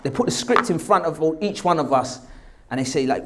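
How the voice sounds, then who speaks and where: Animated South London man telling a story. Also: on the high side, fairly quick. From England. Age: 40s. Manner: animated, acts out the people he quotes. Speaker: actor. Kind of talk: storytelling anecdote.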